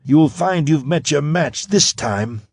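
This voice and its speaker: A man's voice: a little high, lively intonation, slow pace, gravelly, no echo, studio quality, voice pushed up, full character voice. A man putting on a sultry, fiery alien woman. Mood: furious. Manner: purring, then spitting fury.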